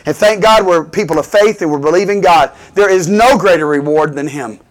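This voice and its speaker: A man's voice: sits high, fairly quick. A man preaching a sermon in call-and-response style, building to emphatic bursts.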